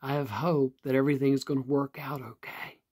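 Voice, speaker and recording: A man voicing a grateful, tearful homeless man who speaks slowly and haltingly, with a husky voice. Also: mid-range voice, little pitch movement, a little mellow, natural voice.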